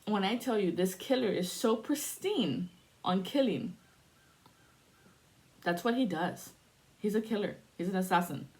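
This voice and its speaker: A woman's voice: medium pitch, lively intonation, measured pace, pauses often, darkish tone. Cursing, chatty woman spiritual reader. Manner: profane, laughing, chatty; invoking spirits in prayer. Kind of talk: casual spiritual reading.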